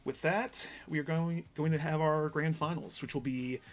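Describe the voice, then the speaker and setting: A man's voice: on the high side, fairly even intonation, normal speed. A man hosting a live fighting game tournament stream, chatty and rambling, often laughing. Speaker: tournament commentator and host. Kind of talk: live esports commentary.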